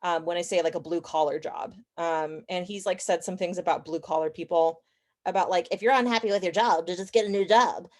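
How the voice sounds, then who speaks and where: Woman, young adult, podcast guest, lowish pitch, chatty, opinionated, self-correcting. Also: a little fast, darkish tone. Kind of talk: casual interview chat.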